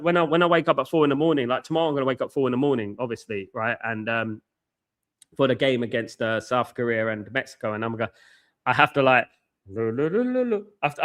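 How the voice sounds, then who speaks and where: A married man from hosting a football watchalong, talking fast and passionately, with lots of repetition and shout-outs to chat. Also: medium pitch. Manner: excitable, buzzing, repeats phrases, reads chat aloud. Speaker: watchalong host. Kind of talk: casual live-stream chat. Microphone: headphones with mic.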